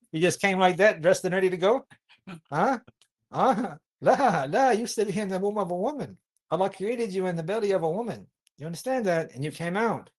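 A man giving a sermon to young listeners. He keeps asking the audience questions, recites Arabic verses and then translates them. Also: high-pitched. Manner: asks the audience many questions. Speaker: Islamic preacher.

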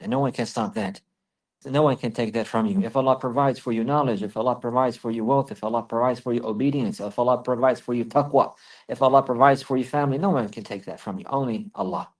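A man giving a religious lesson at a mid-range pitch. He recites Arabic phrases, then explains them slowly in English, repeating each point twice for emphasis. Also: a little mellow. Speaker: Islamic teacher.

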